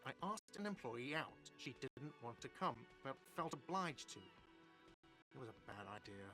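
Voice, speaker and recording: A prickly cafeteria manager in a video game, curt and defensive in every reply. His voice sits at an ordinary middle pitch, and faint music hangs behind him. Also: very animated, a little slow, bright, forceful tone. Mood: irritated. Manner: defensive, curt, put-upon. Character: irritable middle-aged man running a cafeteria.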